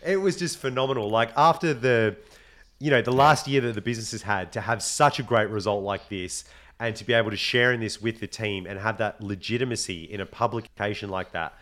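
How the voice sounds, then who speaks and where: A man with an Australian accent, co-hosting a podcast in casual chat, telling stories with lively swearing. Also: lowish voice, a little fast. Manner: animated storyteller, swears freely. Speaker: podcast co-host.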